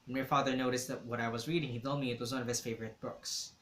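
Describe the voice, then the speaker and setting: A man's voice: medium pitch, steady tone, very fast, a bit bright, a little hiss or hum. A man reading a novel aloud, telling the story in a reflective first-person way. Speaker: reader. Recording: roomy echo.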